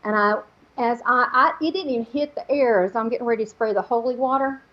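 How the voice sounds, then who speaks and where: Woman guest, psychic storyteller; lively, acts out quotes; fairly high voice, muffled recording. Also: fast talker. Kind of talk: telling a personal story in an interview.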